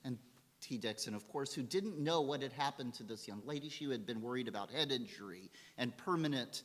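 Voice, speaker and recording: A man giving a holiday sermon as rabbi, telling a story and acting out the quotes in a lively way. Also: medium pitch, a little fast. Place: synagogue sanctuary. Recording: long hall reverb.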